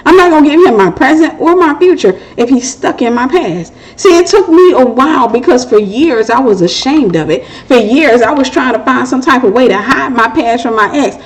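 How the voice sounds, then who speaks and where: A woman's voice: high-pitched, lively intonation, moderate pace, hardly any pauses, poor audio. Candid, joking woman hosting a Christian advice show. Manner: candid, joking, laughs at herself. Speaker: host of a Christian relationship Q&A. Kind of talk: casual testimony and advice.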